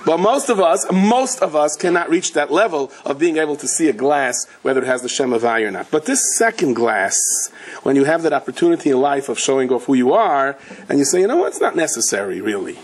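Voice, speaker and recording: A man's voice: a little fast, breathy edge. A man, a rabbi giving a Torah lecture, telling stories and acting out the people in them with big jumps in his voice. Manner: animated storyteller, acts out quotes with big pitch jumps.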